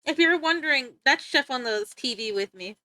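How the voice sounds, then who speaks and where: Giggly, bright-voiced woman streamer. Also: high-pitched, expressive, normal speed, no echo. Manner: chatty, giggly, talks back to chat. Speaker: livestreamer. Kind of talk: casual livestream chat.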